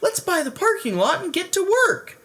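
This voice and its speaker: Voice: extremely high pitch, moderate pace, voice pushed up, full character voice. A reader voicing an eager librarian lady. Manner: excited, exclaiming. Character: eager helpful female librarian.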